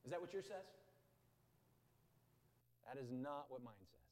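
A man preaching a sermon from a church stage, swinging between loud urgent bursts and low quiet emphasis and repeating phrases to drive them home. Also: expressive, measured pace. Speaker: pastor. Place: stage in a large indoor church building. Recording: long hall reverb.

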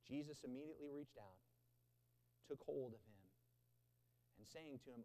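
A man preaching a sermon from a church stage, swinging between loud urgent bursts and low quiet emphasis and repeating phrases to drive them home. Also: expressive, fast. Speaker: pastor. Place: stage in a large indoor church building. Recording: long hall reverb.

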